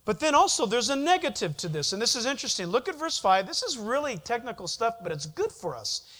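A man preaching a sermon to a congregation, animated, often putting questions to the listeners and answering them himself. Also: very high-pitched, a little fast. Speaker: pastor.

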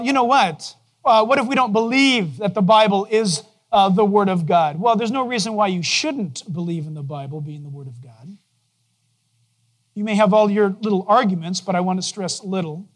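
Conversational male pastor preaching. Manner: conversational preaching, asks the congregation questions; drops to a soft, low voice to quote God gently. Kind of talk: sermon. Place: church.

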